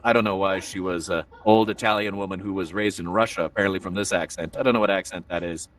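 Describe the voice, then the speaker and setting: A man's voice: deep voice, fairly even intonation, fast talker, few pauses, a bit bright, far from the mic. A man hosting a stand-up comedy show in a virtual reality room, rambling and self-deprecating, with many filler asides.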